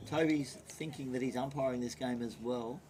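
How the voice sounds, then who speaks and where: A man's voice: medium pitch, steady tone, normal speed, a little mellow. A man co-commentating an amateur cricket match, with teasing banter.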